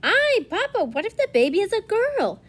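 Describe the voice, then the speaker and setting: A woman's voice: very high voice, sing-song, moderate pace, a bit bright, pitched above the performer's own voice, full character voice. A woman putting on a bubbly young mother. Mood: excited.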